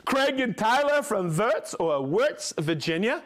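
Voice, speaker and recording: A man hosting a live stream, reading viewers' names and hometowns with upbeat excitement and frequent whoops. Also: high voice, measured pace, few pauses. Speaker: livestream host. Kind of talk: live stream shout-outs.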